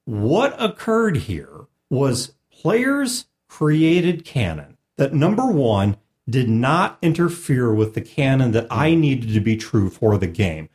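A man's voice: medium pitch, a little mellow. A man who is a game master and podcast host, explaining a tabletop game in casual chat with a wry manner and frequent laughter.

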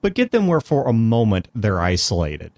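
A man's voice: on the low side, wildly swooping pitch, normal speed, a little mellow, no room sound. A man hosting a podcast about tabletop games, talking in an earnest, thoughtful way. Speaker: podcast host. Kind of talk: casual chat.

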